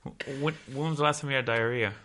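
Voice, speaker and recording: A man's voice: mid-range voice, fairly even intonation, quick pace, pushed and bright, slight background noise. A young man co-hosting a podcast, laid-back and teasing, recounting text exchanges. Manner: laid-back, teasing, quoting texts aloud. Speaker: podcast co-host. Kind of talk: casual chat.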